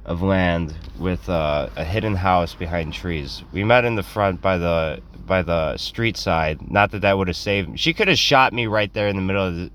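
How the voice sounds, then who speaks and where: A man's voice: low-pitched, fairly bright tone, smooth. A young man telling a rambling, self-deprecating comic story in a casual way, acting out quotes in other voices.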